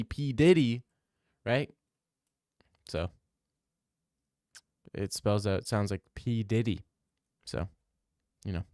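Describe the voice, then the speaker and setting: A man's voice: medium pitch, a little mellow, dry recording, studio quality. A young man hosting a livestream, reading out chat and rambling in a crude, jokey, casual way. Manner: rambling, crude, jokey, slips into silly voices. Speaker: livestream host answering chat.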